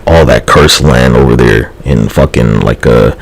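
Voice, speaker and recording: Very deep rough-voiced guy rambling on a livestream, swears a lot, lots of gravel in it. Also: a little slow, poor audio. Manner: profane, loose and rambling. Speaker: live streamer. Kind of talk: rambling live-stream monologue.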